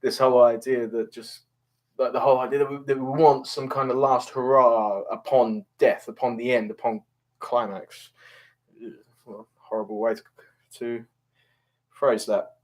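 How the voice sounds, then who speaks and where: A man's voice: medium pitch, fairly even intonation, moderate pace. A man casually talking about a play he just read, hesitant and rambling with many fillers but enthusiastic. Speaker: reader discussing Shakespeare. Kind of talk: casual spoken commentary.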